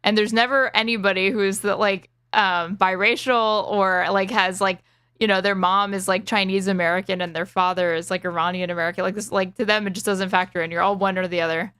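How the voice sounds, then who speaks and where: A woman's voice: medium pitch, fairly even intonation, brisk, fairly bright tone, clean tone, no room sound. Female streamer, casual reaction commentary, blunt and chatty, dry recording. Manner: chatty, filler-heavy, blunt.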